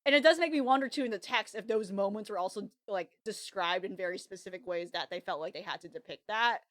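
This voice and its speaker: A woman co-hosting a podcast, chatting casually about an anime with lots of fillers and restarts, rambling and animated. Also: medium pitch, fast talker, dry recording. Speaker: podcast co-host.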